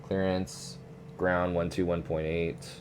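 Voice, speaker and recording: A man's voice: low voice, takes it slowly, a little hiss or hum. A young man streaming a flight sim, chatting casually and swearing now and then. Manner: relaxed, swears, says "dude" often. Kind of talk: casual chat.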